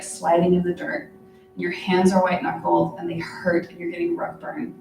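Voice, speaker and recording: A woman's voice: mid-range voice, vocal fry, darkish tone, slight background noise. A woman gives a workshop talk in a conference room, talking easily and checking in with the audience as she goes. Her voice sits in the middle range. The recording picks her up from across a reverberant room. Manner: conversational, checks in with frequent "right?" and "okay?". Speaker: workshop presenter. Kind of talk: lecture to a live audience. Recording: echoey room, mic far off.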